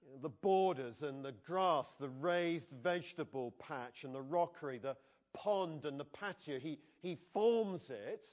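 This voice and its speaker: Guy giving a sermon in church, chatty and animated, keeps asking the crowd stuff. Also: on the high side, unhurried. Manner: animated, conversational, asks the congregation questions. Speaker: preacher.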